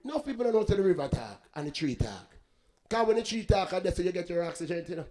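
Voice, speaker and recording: A man's voice: high voice, big pitch swings, quick pace, warm tone. A man giving a rambling, preachy spoken reflection between songs, mixing in patois sayings.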